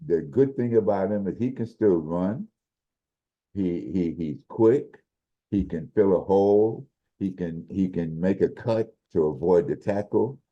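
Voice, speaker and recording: A man co-hosting a sports podcast, casually breaking down football games in a measured way, restarting his sentences as he thinks. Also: low-pitched. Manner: measured, explains with repeated restarts. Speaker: podcast co-host, football analyst. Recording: dull lo-fi audio.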